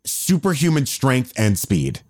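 A man's voice: medium pitch, huge pitch swings, measured pace, dry recording, studio quality. A man co-hosting a casual chat podcast. He talks animatedly, swears freely and retells scenes by acting out the characters' voices. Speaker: podcast co-host.

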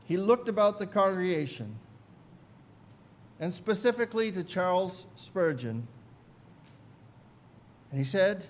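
Slow, high-voiced male preacher. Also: very animated, slight background noise. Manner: deliberate, narrative, repetitive cadence. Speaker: pastor. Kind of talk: sermon storytelling.

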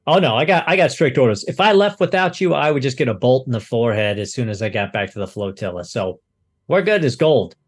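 A man voicing a nervous male gunship pilot who stammers and rushes his words. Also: mid-range voice, expressive, husky.

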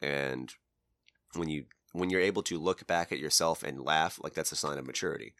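A man co-hosting a podcast, speaking calmly and analytically, explaining his views in casual chat. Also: extremely low pitch, moderate pace, no echo, studio quality. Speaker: podcast co-host.

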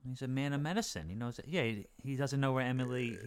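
Dude chiming in with dry jokes, crowd noise behind him. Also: male voice, mid-range voice, quick pace. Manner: short wry asides and interjections. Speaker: podcast co-host. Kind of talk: casual chat.

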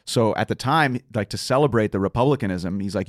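Fast-talking man rambling through a story. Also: fairly low pitch, expressive, no echo, studio quality. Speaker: tour guide guest. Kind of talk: casual podcast chat.

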